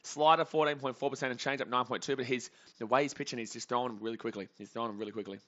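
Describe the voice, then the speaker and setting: Excitable man calling a live stream. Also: medium pitch, racing, muffled recording. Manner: excitable, reads out chat comments between calls. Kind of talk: live play-by-play reaction stream.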